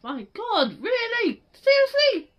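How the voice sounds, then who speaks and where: A woman in a gaming commentary, her voice very high and swinging widely in pitch. She yells and pleads frantically at the game. The recording sounds dull and lo-fi. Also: sing-song, measured pace. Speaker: gaming streamer. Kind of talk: let's play commentary.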